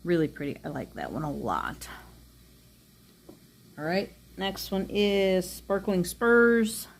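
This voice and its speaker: A woman's voice: fairly low pitch, expressive, slow, vocal fry, a little hiss or hum. A woman chatting casually as she reviews nail polish, rambling with frequent ums.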